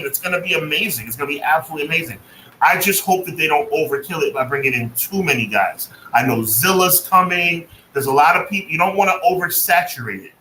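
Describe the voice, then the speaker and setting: A man's voice: fairly high pitch, pushed and bright. A man co-hosting a casual wrestling podcast, talking emphatically and with sarcastic asides. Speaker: podcast co-host. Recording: echoey room with faint noise.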